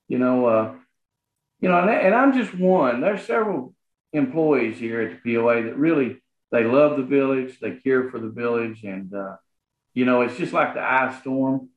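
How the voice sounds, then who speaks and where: A Southern-accented man speaks sincerely in a halting way, full of "you know" and "uh." His voice comes through thin and phone-like. The room around him sounds echoey. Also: medium pitch. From Arkansas, USA. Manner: earnest, halting, many fillers and restarts. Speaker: guest, property association manager. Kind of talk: casual interview talk.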